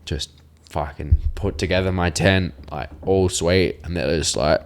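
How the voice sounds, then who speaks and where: A man's voice: sits low, a little slow. A young man, a podcast guest rambling through a profane, laughing party story in casual chat. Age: young adult.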